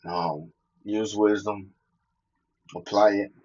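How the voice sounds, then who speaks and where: A man's voice: lowish voice, steady tone, slow pace, a little mellow, dull audio. A man talking casually and profanely, telling personal stories and quoting scripture, laughing between his points.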